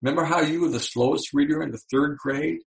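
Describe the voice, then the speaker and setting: A man voicing a taunting, gravelly inner brain voice. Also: a little high, fast, reverberant, voice pushed up. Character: mocking male inner brain voice, eager.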